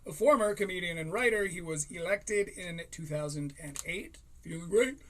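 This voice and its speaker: High-voiced man telling a casual story. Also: lively intonation, normal speed. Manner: profane, laughing between lines. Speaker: podcast host.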